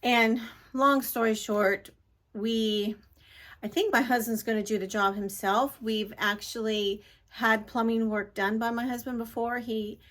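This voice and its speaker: A woman's voice: fairly high pitch, fairly even intonation, unhurried, a bit bright. A middle-aged woman vlogging casually into a handheld phone, rambling and apologizing as she vents about an irritating episode. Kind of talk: casual vlog chat. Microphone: handheld phone at arm's length.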